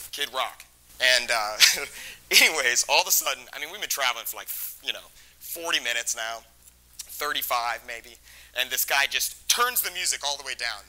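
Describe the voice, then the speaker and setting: A man tells a comic true story with loose, rambling energy, filling it with "like" and "you know." He laughs between phrases. His voice is very bright and forceful. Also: medium pitch, low-quality recording. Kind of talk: comedic true-story telling.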